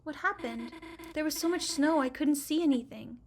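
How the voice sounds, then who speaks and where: In a high-sitting voice at normal speed, a female gaming channel host rambles through chatty let's play commentary full of fillers. She swings from loud outbursts to quiet muttering.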